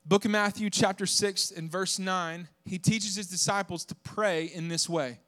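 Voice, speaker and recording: A young male pastor from the southern United States delivering a sermon to his congregation. His voice sits high for a man. He preaches with animated energy, cracking jokes and pushing his voice up into shouts to drive a point home. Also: measured pace. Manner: animated, joking, voice rises to shouts for emphasis.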